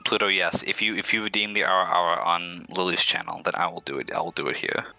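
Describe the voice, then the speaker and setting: A man's voice: low voice, steady tone, brisk, gravelly, bright, forceful tone, faint music behind. A man guest streamer chatting casually, restarting sentences and repeating words as he rambles.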